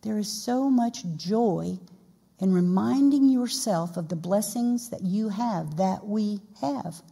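A woman's voice: medium pitch, slow, gravelly, dark tone, breathy edge. A woman pastor preaching a sermon in a folksy, conversational way with playful asides. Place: church sanctuary. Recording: long reverb in a church hall.

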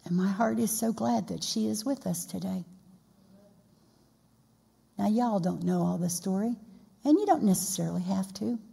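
A woman's voice: medium pitch, normal speed, vocal fry, long pauses, warm tone, slightly rough. A woman pastor preaching a sermon in a folksy, conversational way with playful asides. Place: church sanctuary. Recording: long reverb in a church hall.

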